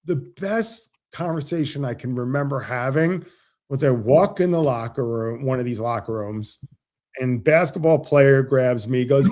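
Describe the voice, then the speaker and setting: A man, a financial advisor guest on an interview show, explaining with animated stories and acted-out dialogue. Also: medium pitch, a little slow. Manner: animated, acts out quoted dialogue. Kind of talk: casual interview storytelling.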